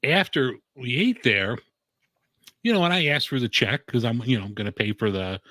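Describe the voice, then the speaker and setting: A man's voice: medium pitch, lively intonation, moderate pace, bright, forceful tone, no echo. A man hosting a casual talk show, telling rambling stories full of "like" and casual swearing. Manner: rambling storyteller, heavy on filler "like", swears casually. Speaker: show host. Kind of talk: casual chat.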